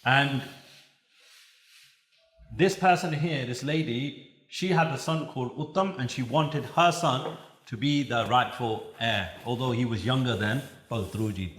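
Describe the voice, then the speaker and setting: A man giving a religious talk at a youth camp, telling stories in an animated way and chanting verses. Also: medium pitch, echoey room. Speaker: Sikh preacher.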